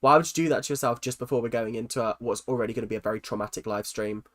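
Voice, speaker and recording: Teasing young Londoner chatting on stream. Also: male voice, medium pitch, fairly bright tone. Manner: teasing, self-mocking, quick jokes with frequent ums. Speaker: livestream host. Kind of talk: casual livestream chat reading comments.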